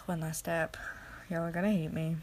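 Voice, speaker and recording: A woman's voice: low voice, noisy background. A tired woman rambling late at night in a recorded audio answer, drifting into half-whispers, mocking herself and swearing casually. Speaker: amateur audio creator.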